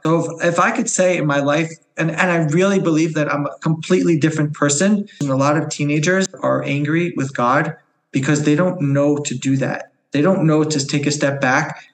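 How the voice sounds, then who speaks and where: Earnest man with a higher voice. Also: steady tone, normal speed, echoey room, low-quality recording. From New York, US. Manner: earnest, candid, repeats words while finding them. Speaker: podcast guest. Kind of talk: heartfelt personal storytelling.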